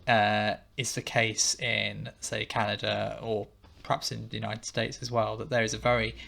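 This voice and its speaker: A man hosting a podcast interview, measured and summarizing his guest's points. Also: fairly low pitch, little pitch movement, creaky, pushed and bright. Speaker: podcast host. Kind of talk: interview questions.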